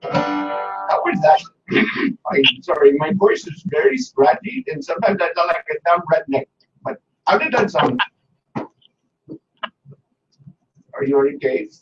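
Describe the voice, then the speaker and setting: A man's voice: a little high, very animated, normal speed, fairly bright tone, muffled recording, soft background music. A man on a radio prank call, voicing a rambling, teasing man who claims to be a singer from Pakistan. He uses broken English and a put-on Pakistani accent. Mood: boastful. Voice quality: scratchy voice.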